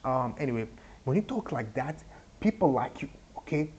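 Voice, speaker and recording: A young man giving casual advice in a goofy, rambling way, speaking deliberately broken English. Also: medium pitch, big pitch swings, a little mellow, slightly rough, highs cut off. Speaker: advice vlogger.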